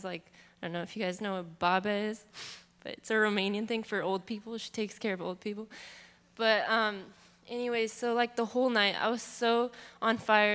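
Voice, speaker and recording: A woman's voice: on the high side, a bit bright, clear, resonant tone. A young woman giving a rambling, emotional church testimony full of fillers, heard in a large hall. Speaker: testimony speaker. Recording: long reverb of a large hall.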